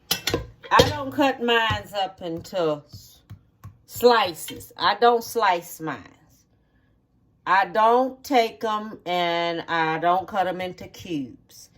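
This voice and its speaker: Slow-talking home cook. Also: mid-range voice, background noise. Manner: slow, repetitive instructions, checking in with "okay?". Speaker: home cook hosting a cooking video. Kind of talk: cooking demonstration.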